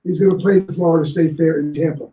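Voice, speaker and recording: A male guest on a talk show telling anecdotes in a lively way and acting out other people's lines. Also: on the high side, quick pace, roomy sound, rough recording. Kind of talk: anecdotal storytelling.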